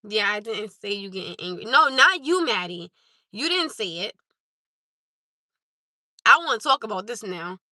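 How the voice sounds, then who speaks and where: A woman's voice: medium pitch, big pitch swings, normal speed, pauses often, sharp tone, no echo. A woman hosting a live stream, talking to her chat in an emphatic, insistent way and repeating her points. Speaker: livestream host.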